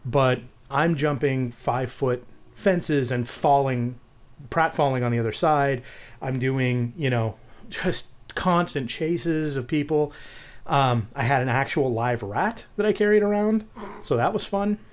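A man's voice: medium pitch, unhurried. Man telling swear-laced casual stories. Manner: storytelling, swears casually, animated. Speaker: podcast co-host. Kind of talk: casual chat.

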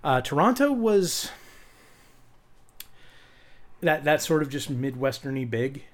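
A man's voice: a little high, big pitch swings, normal speed. A man co-hosting a podcast, chatting casually with a profane, joking, rambling manner. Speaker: podcast co-host.

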